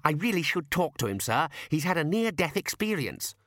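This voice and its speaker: A man's voice: fairly high pitch, big pitch swings, moderate pace, fairly bright tone, dry recording, clean studio sound, voice pushed up. A man voicing an earnest, eager young male wizard who presses insistently with questions.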